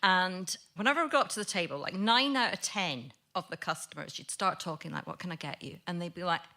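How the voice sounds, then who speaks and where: A woman's voice: fairly low pitch, expressive, brisk, bright, forceful tone. A Scottish woman in her twenties telling a comic anecdote on a panel show, chatty and mimicking voices. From Scotland. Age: 20s. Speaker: comedy panelist.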